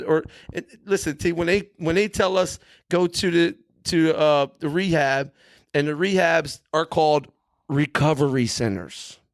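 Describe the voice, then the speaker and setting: A man's voice: fairly high pitch, no echo. Earnest man telling his story. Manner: earnest, emphatic, with frequent "you know" and "right". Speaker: podcast guest in recovery. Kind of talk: candid storytelling.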